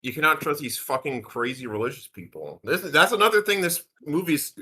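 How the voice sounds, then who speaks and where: A man's voice: on the high side, sing-song, fairly quick, bright, forceful tone. A man co-hosting a podcast in casual chat, incredulous and swearing. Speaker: podcast co-host.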